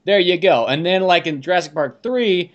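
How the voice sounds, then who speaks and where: A man's voice: high-pitched, moderate pace, dull audio. A man co-hosting a podcast, chatting casually and jokingly about movies. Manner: jokey, animated, laughs a lot. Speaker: podcast co-host.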